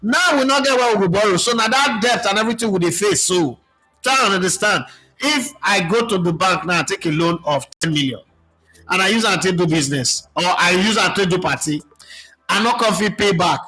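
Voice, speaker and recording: Nigerian guy chatting football on a stream, high bright voice, reading out comments. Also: fairly quick, breathy edge, faint music behind, poor audio. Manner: chatty, mixes Pidgin with English, reads out viewer comments. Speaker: football show host. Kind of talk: casual live-stream chat.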